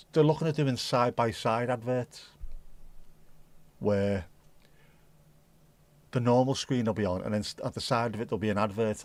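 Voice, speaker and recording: A man hosting a casual livestream, rambling and thinking out loud as he chats to his viewers. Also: mid-range voice, dry recording. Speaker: livestream host.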